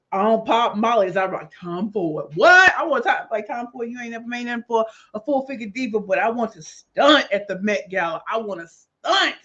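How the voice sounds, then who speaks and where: A woman hosting a casual livestream, greeting viewers by name in a lively, slangy way and sounding a little tired. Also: mid-range voice, lo-fi sound. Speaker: livestream host.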